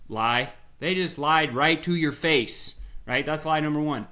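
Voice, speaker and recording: Energetic guy telling sales stories, slightly high voice, lots of rhetorical questions. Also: unhurried. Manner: animated, acts out little scenes in voices. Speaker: sales strategist and podcast guest. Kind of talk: energetic storytelling.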